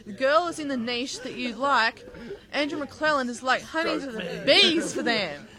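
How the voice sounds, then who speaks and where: A woman's voice: sits high, animated, a crowd in the background. A woman chatting and teasing her friends at a house party. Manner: teasing, quick with jokes. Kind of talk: casual chat at a party.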